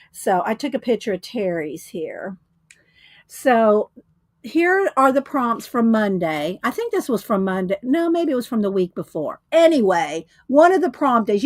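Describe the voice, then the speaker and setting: Woman, fairly high voice, chatty livestream host, laughs a lot, dry close sound. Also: no echo. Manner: chatty, greets viewers, laughs often. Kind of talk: casual livestream chat.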